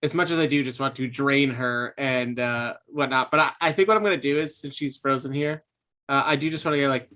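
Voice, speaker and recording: A woman playing a tabletop game, talking casually with soft, halting phrasing. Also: very deep voice. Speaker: player.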